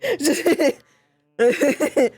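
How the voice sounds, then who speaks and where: A woman's voice: high-pitched, sing-song, very slow, darkish tone, no room sound. A woman streamer in playful VR role-play, silly and giggly, humming sing-song noises.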